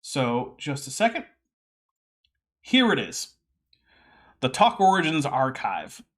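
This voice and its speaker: A man's voice: medium pitch, wildly swooping pitch, slow pace, a bit bright. A man hosting a casual commentary stream, reading text aloud with wry, sarcastic asides. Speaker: host.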